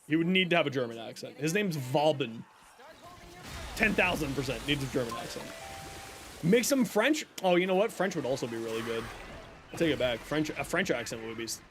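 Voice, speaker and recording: A young man with a fairly high voice streams a video game over slight background noise. He chats casually with viewers, reacting to the chat and teasing them.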